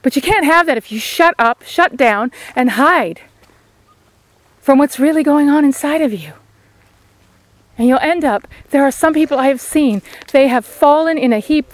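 Earnest higher-voiced woman preaching outdoors. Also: animated, unhurried, dry recording. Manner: earnest, pleading exhortation. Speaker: lay preacher. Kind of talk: outdoor devotional sermon. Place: outdoors beside a sheep paddock.

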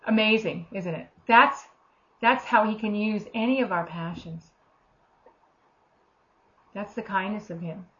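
A woman's voice: medium pitch, a little slow, long pauses, a bit bright, dull audio, slight background noise. A woman giving an informal, earnest sermon, talking conversationally and acting out the voices of the people she quotes. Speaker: preacher.

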